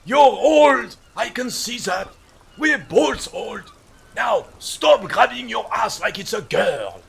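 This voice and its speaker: A man voicing a cranky old man playing petanque, grouchy and shouting. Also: high voice, sing-song, takes it slowly, vocal fry, slightly rough, pitched above the performer's own voice, full character voice. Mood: scolding.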